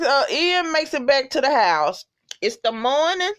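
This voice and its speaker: Woman vlogger recapping a show, animated and profane, very lively intonation. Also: sits high, unhurried. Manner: animated, expressive, swears freely, reacts with disgust. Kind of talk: casual profane episode recap.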